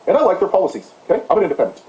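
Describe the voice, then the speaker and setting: A man's voice: sits high, sing-song, racing, a little mellow. Sarcastic ranting man, echoey room. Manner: sarcastic, mocking, heated. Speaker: political commentator. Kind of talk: impassioned ranting monologue.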